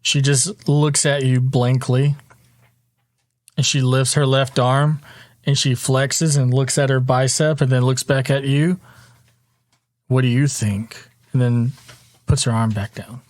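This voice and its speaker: A man running a tabletop role-playing game as game master, narrating scenes in an easygoing, even way. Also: medium pitch, takes it slowly, pauses often, no echo, clean studio sound.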